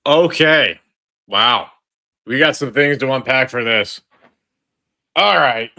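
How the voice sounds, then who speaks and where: Slow-talking man reacting to a trailer. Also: mid-range voice, expressive, bright, forceful tone. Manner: chatty, repeats phrases and restarts, addresses the audience as folks. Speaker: online video host. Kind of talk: casual trailer reaction commentary.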